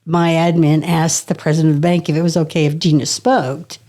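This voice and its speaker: A woman's voice: deep voice, a little fast. Middle-aged woman telling a story with laughs. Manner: lively anecdotal storyteller, laughing often and swearing. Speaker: podcast guest. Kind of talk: casual storytelling.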